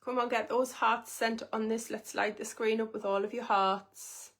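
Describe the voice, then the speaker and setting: A woman's voice: a little high, fairly even intonation, normal speed, a bit bright. Woman, live psychic reading, emotive, intimate, addresses the viewer directly. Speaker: psychic reader on a livestream.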